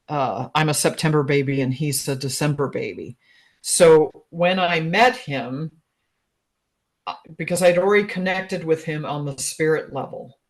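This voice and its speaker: A woman in her sixties, a guest relationship expert, telling a personal story in a chatty, animated way, laughing often. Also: sits low. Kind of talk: casual storytelling in an interview.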